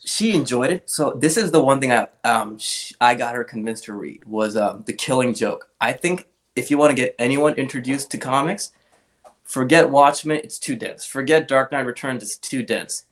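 A man in his young adult years chats casually as an interview guest, spinning animated anecdotes. His speaking pitch sits in the middle range, and he slips into other people's voices when he quotes them. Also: normal speed. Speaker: guest, comic art collector.

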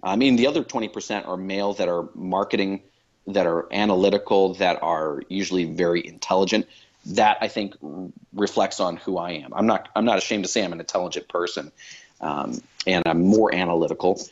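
Reflective male interviewee; low voice, muffled recording, musing pace. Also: a little fast. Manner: thoughtful, many fillers and restarts. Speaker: podcast guest. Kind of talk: reflective conversation.

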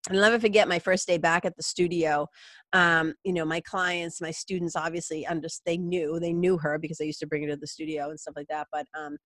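A woman's voice: deep voice, flat delivery, brisk, a bit bright, no room sound. Candid, emotional woman with a dry sound. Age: middle-aged. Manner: candid, rambling, emotional, swears casually. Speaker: yoga teacher and podcast host. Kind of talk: heartfelt personal monologue.

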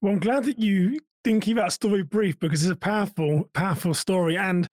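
Male podcast host, rambling questions, somewhat higher voice, dry sound. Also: brisk, a little mellow, dry recording. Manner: rambling, repeats words while forming questions. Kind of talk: conversational interview.

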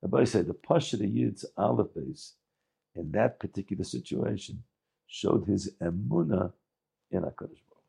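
Man, preacher, Hasidic storytelling, halting restarts, low voice, raspy. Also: lively intonation, warm tone. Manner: halting, with frequent restarts and Yiddish words. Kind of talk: telling a Hasidic story with a moral.

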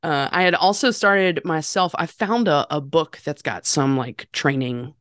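Woman podcast guest, low-pitched, animated and self-deprecating, dry close sound. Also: measured pace, dry recording. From North Carolina. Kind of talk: casual conversational storytelling.

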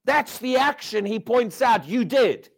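A man preaching a sermon, asking the crowd rhetorical questions and dropping from loud emphasis to hushed words. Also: very high voice, lively intonation, measured pace, creaky.

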